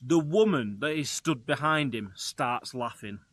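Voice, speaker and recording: A man, a travel vlogger, telling a story to camera in a lively, chatty way and talking straight to his viewers. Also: mid-range voice, measured pace, no room sound.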